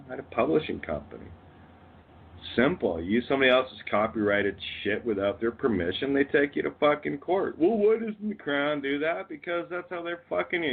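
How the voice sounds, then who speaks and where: Gravelly and husky, his mid-range voice swings widely in pitch and moves briskly. A man with a Canadian accent, he's a call-in radio guest delivering a rambling, swear-filled rant with bursts of laughter, all over tinny phone-line audio.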